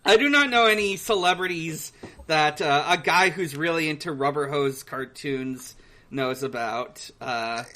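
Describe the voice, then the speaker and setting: A man co-hosting a podcast in casual chat, recapping a cartoon in a hesitant, halting way full of pauses. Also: a little high, sharp tone. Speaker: podcast co-host.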